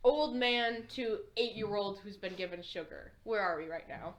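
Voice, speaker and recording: A woman playing a tabletop game, chatting in an animated, joking way. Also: medium pitch, normal speed. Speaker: player. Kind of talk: casual chat during tabletop play.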